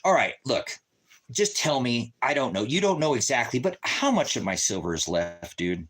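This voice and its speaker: A man's voice: medium pitch, very animated, normal speed, a bit bright. A man telling an angry personal story in a casual rant, cursing and acting out his arguments with other people. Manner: agitated, profane, retells arguments in quoted voices. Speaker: storyteller venting.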